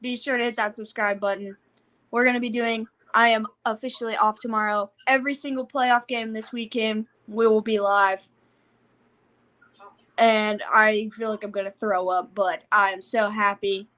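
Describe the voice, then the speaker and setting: This young woman is hosting a casual livestream from home at a desktop mic. She talks in an excited, rambling way and laughs often. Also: fairly high pitch, moderate pace. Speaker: livestream host.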